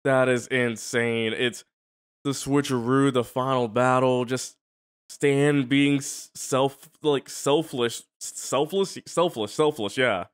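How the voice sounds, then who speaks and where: A reaction host talking through a cartoon episode, emotional and tearing up, with long pauses. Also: medium pitch, steady tone, smooth. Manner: emotional, tearful, drawn-out. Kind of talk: casual reaction commentary.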